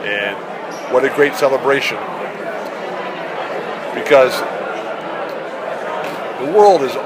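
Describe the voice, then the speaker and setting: Earnest male speaker paying tribute, very slow and halting; loud crowd behind. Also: medium pitch. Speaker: team member speaking at a tribute event. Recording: loud crowd and noise at public event.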